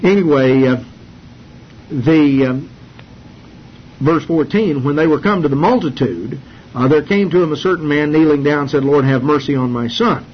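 A man teaching a sermon from the Bible, earnest and halting, with many fillers and restarts. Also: on the high side, slightly rough. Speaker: preacher. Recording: dull lo-fi sermon recording with faint hiss.

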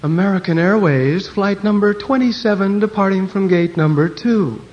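A man's voice: sits high, moderate pace, in a large hall, voice pushed up, natural voice. A stiff male airport announcer reads out flights in a sing-song cadence, as a man mimics him. The voice sits a little above the speaker's own. The recording sounds dull and dated. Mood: announcing.

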